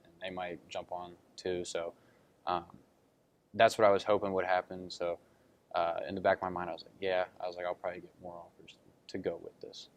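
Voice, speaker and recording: A man's voice: deep voice, little pitch movement, brisk, muffled recording. A young man answering interview questions about being recruited, telling his story earnestly with lots of fillers and retold quotes. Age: young adult. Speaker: college basketball recruit.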